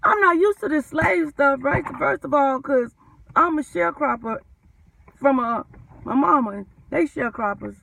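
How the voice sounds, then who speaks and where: A woman, a postal mail handler, telling her story in an animated, emphatic vlog rant. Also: sits high, moderate pace, creaky, distant mic, rough recording.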